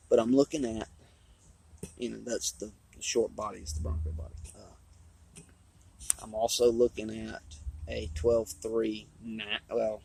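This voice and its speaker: Hoarse, gravelly man rambling. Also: on the low side, dark tone, rough recording. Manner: rambling, drawling, with restarts. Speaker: RC hobby vlogger. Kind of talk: casual trailside chat. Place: outdoors on a trail.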